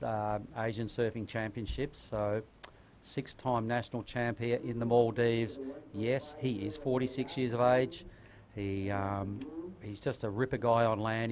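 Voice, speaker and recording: A man commentating live surfing with laid-back banter and local slang. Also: medium pitch. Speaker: surf commentator.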